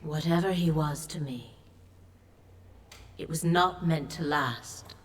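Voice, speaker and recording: An actress voicing a grave, ancient sea goddess in a video game, speaking in a solemn, measured, commanding way. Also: female voice, sits low. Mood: sorrowful. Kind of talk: game voice acting.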